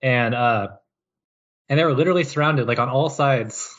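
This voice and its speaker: A man's voice: medium pitch, normal speed, a bit bright, dull audio. A man co-hosting a podcast, casually recapping history with jokes and mock quotes. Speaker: podcast co-host. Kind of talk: casual chat.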